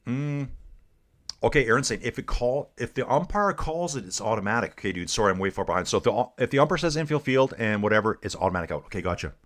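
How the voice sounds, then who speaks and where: Speaking fast with lively intonation, this middle-aged man from Canada has a medium-pitched, slightly bright voice. He's a streamer calling a cycling race live, relaxed and chatty, addressing his audience as "guys" and "dude."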